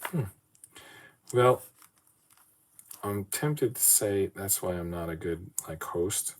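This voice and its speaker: A man with a very deep voice chats on his own podcast while putting together a brick model. He rambles, mutters to himself, and pokes fun at his own hosting. A clear layer of background noise sits under the recording. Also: animated, takes it slowly. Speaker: podcast host. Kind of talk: casual solo talk while building a model.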